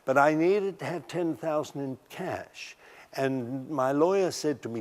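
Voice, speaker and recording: An older man telling stories from his life in a documentary interview, halting and often restarting his sentences. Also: on the high side, big-room sound. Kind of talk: recounting memories in a documentary interview.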